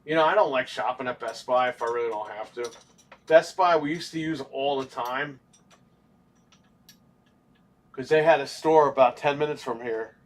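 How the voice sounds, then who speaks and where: A young man on a casual gaming stream, talking in a loose, rambling way and swearing often. His voice sits at an ordinary middle pitch for a man. He tells everyday stories to his co-hosts and chat. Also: brisk. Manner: profane, rambling storytelling. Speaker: podcast co-host.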